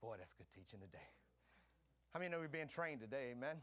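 A man preaching a sermon, calling out to his congregation and swinging between quiet teaching and shouting. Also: medium pitch, sing-song, fast talker. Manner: preaching with call-and-response, swinging from soft to shouting. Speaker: pastor.

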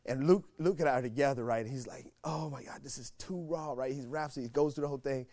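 A male pastor preaching a sermon, moving from quiet storytelling to shouted exhortation and repeating phrases for emphasis. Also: medium pitch, fast talker, no echo. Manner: repeats phrases for emphasis, laughs between points.

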